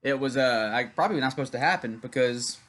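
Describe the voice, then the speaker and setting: A man's voice: medium pitch, quick pace, fairly bright tone. A young man from Louisiana hosting a casual wrestling watch-along, rambling and chatty as he tells a story between comments on the match. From Louisiana, USA. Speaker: YouTube wrestling channel host.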